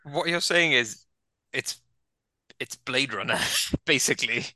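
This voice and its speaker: A man co-hosting a film chat with wry asides and casual swearing. His tone is bright and forward. The recording is close and dry. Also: medium pitch, animated, measured pace, dry recording, poor audio. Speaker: podcast co-host.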